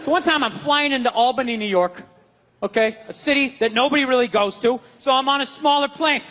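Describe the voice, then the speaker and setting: A man's voice: very high voice, a little fast, a bit bright. A man in his fifties doing stand-up comedy on a live stage, telling stories in a profane, ranting way. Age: 50s. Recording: echoey hall with faint noise.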